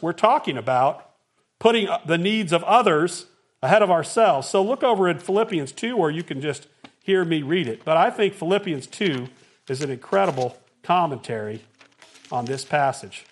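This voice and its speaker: A middle-aged man preaching a sermon, telling stories with lively acted-out quotes. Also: high voice, normal speed. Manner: animated storytelling with acted-out quotes. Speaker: pastor.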